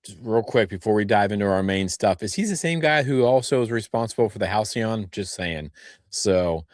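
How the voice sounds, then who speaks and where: A man's voice: on the low side, animated, moderate pace, no room sound, clean studio sound. Joking rambling man co-host. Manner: joking, rambling, self-mocking. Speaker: podcast co-host. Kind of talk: casual chat.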